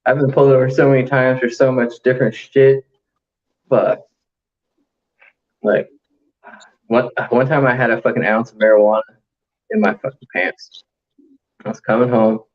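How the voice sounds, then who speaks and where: A man's voice: medium pitch, fairly even intonation, moderate pace, pauses often, lo-fi sound. A man hosting a casual late-night chat, telling stories full of swearing and laughter. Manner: profane, laughing storyteller. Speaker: host.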